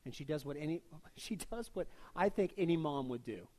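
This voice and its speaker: A man preaching a sermon in a conversational, joking way, reading scripture and slipping into quick voiced asides. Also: on the high side, expressive, warm tone. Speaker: pastor.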